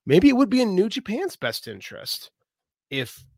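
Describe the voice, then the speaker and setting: Man, podcast co-host, animated, slightly higher voice, dry close sound. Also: normal speed, vocal fry, no echo. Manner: animated, self-correcting, swears casually. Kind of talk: casual wrestling chat.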